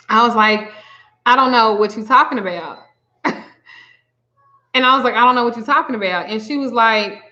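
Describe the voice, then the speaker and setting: A woman spiritual reader telling a story in a casual livestream, acting out both sides of a phone call. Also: fairly high pitch. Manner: chatty, animated retelling, acts out both sides of a call. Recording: slightly dull lo-fi audio.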